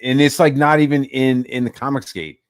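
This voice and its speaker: A man's voice: mid-range voice, normal speed, dry recording, studio quality. A man ranting casually about online drama, swearing a lot and mocking others in put-on voices. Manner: profane, animated, mocks others in put-on voices. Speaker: channel host.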